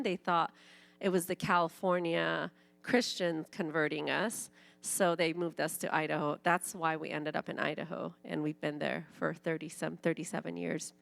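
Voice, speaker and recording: A woman in her forties from Iran, whose first language is Farsi, telling her personal testimony to a church in a lively storytelling manner. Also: deep voice, creaky. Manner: animated storytelling, acting out quoted voices. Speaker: church speaker.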